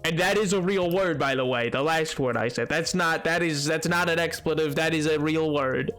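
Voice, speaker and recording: A man's voice: fairly high pitch, normal speed, a bit bright, faint music behind. A man streaming a game, chatting casually with his viewers in a rambling, jokey way that keeps tripping over its own words. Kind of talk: casual live-stream chat.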